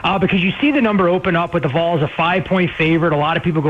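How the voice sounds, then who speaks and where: Fast-talking nasal betting analyst. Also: male voice, fairly high pitch. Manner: fast, detailed analytical talk. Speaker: betting analyst, weekly guest. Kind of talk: sports betting talk radio. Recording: dull lo-fi line with faint noise.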